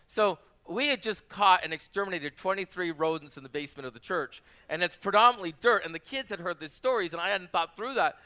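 Brisk and with few pauses, a high-voiced man in his forties preaches as a pastor. He's a lively storyteller who shares personal anecdotes, acts out quoted voices, and hammers home points by repeating phrases.

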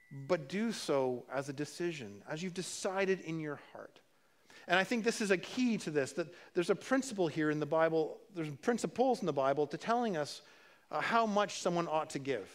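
A man's voice: a little high, expressive, normal speed. Conversational male pastor preaching. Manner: conversational preaching with repeated words and restarts; dry humor asides. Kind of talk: sermon.

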